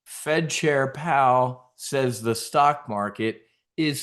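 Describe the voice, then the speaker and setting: A man's voice: medium pitch, slow pace, fairly bright tone. A middle-aged man hosting a trading show, giving brash, profane market commentary and mocking the people he quotes.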